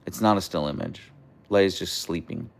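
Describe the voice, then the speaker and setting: A man's voice: moderate pace, vocal fry. A young man hosting a casual livestream from an outdoor deck, chatting with viewers and cooing at his dogs. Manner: chatty, reads out viewer comments; coos to his dogs in a high voice. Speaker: livestream host.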